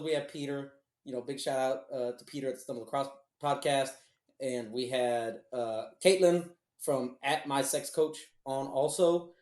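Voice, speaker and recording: A man's voice: on the high side, darkish tone. A man hosting a podcast in casual chat, laughing often, joking and swearing freely. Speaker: podcast host. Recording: roomy echo.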